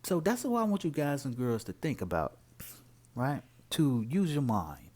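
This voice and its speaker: Man, informal preaching, emphatic, rhetorical, swooping lively pitch. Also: moderate pace. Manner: animated, emphatic, rhetorical questions. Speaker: religious commentator.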